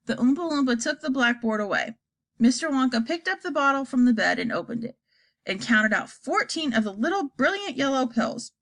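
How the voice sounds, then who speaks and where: Brief: woman storybook narrator, lively expressive delivery, fairly high voice. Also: fairly quick. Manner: expressive, animated. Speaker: audiobook narrator. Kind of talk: storybook reading aloud.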